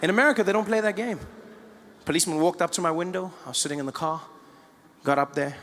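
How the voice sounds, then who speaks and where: Animated South African man, fairly high voice. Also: fast talker, long pauses, big-room sound. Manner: animated, switches into playful character voices. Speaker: stand-up comedian. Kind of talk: stand-up comedy with acted dialogue.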